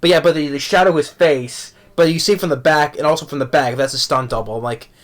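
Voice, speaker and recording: A man's voice: fairly high pitch, fast. A young man giving a rambling, exasperated movie review rant at home, tripping over his words and restarting often.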